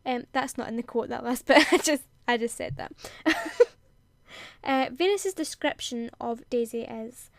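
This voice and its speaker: A woman's voice: on the high side, unhurried, no echo. A young woman hosting a gaming video, reading character bios aloud, giggling and tripping over words. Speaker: gaming channel host.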